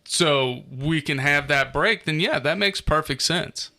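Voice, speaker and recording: A man's voice: a little high, measured pace, sharp tone. A man co-hosting a casual podcast, reading statistics aloud in a loose, profane way. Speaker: podcast co-host.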